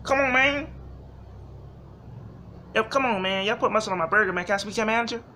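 A man voicing an irate fast-food customer who whines and shouts about his order over and over. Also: sits high, slight background noise, voice pushed up. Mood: whiny, indignant. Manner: shouting, whining, repeating himself.

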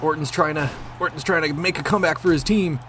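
A man commentating on his own gameplay, excitable, swearing and yelling at the game. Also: a little high, fast talker, over music. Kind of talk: let's play commentary.

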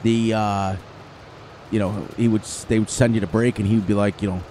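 A man's voice: on the low side, fairly even intonation, dark tone, slight background noise. A man with an upstate New York accent giving chatty gameplay commentary, laughing often and breaking into bits of song. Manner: chatty, quick to laugh, sings snatches of songs. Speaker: gaming channel host.

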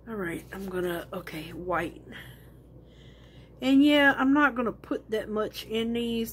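A woman with a somewhat high voice chats slowly and casually as she works on resin crafts. She thinks out loud and rambles from one step to the next. A faint hiss sits under her voice. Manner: rambling, thinks aloud while working.

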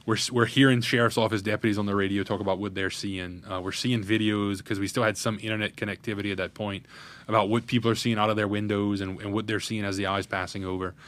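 A man's voice: on the low side, little pitch movement, fast talker, fairly bright tone. A man, a parish president telling a candid, earnest story in an interview. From Louisiana, USA. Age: 30s. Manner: earnest, candid, recounting a crisis in detail. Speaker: parish president, podcast guest.

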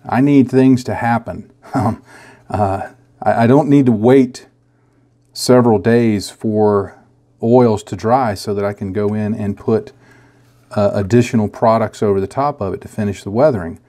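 A middle-aged man hosting a scale modeling how-to in a casual, easygoing way, chuckling at himself and pausing with fillers. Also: on the low side, mellow. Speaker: scale modeling tutorial host.

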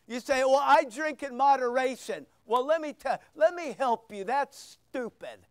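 Pastor, male, very high voice, slow deliberate sermon delivery with loud bursts. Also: animated, clear, resonant tone, no room sound. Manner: emphatic preaching with sudden loud bursts and quiet asides.

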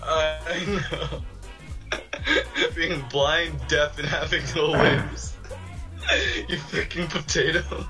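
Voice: medium pitch, fairly even intonation, drawn-out words, bright, forceful tone, rough recording. A player in a card game with friends, reacting with breathless laughter and reading answers aloud. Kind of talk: casual gaming banter. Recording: music playing behind.

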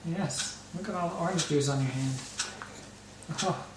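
A man feeding his baby at home, talking to her in gentle, doting, playful baby talk. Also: fairly high pitch, moderate pace. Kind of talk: baby talk during lunch. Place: home, at a baby's mealtime. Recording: echoey room, far from mic, loud background noise.

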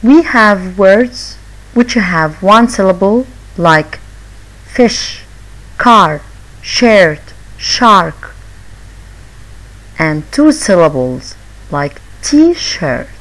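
A woman teaching a phonics lesson to young children, sounding out letters and repeating each word slowly. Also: medium pitch, big pitch swings, fairly bright tone, low-quality recording. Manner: slow, drawn-out repetition of sounds and words. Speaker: English teacher.

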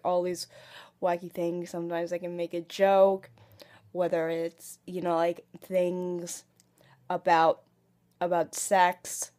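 Slow, halting woman vlogger with a cold. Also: on the low side, darkish tone. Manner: halting, full of ums, likes and restarts. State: has a cold. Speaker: vlogger and aspiring comic actress. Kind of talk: casual home vlog monologue.

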